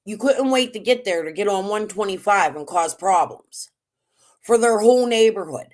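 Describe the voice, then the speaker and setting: Emphatic, confrontational woman speaker, medium pitch, casual stream talk. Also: animated, moderate pace, darkish tone. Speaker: livestream guest. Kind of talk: heated casual commentary.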